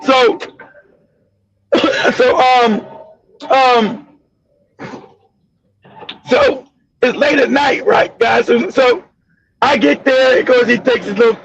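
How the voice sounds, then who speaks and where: A man hosting a livestream, telling a crude story in an animated, profane way with loud outbursts. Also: very high voice, vocal fry, dull audio, a little hiss or hum. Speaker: host.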